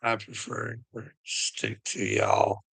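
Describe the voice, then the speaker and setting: A man's voice: lowish voice, flat delivery, takes it slowly, gravelly, fairly bright tone, breathy edge. A man ranting casually to his viewers, swearing constantly, rambling and laughing between thoughts. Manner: profane, rambling, laughing often.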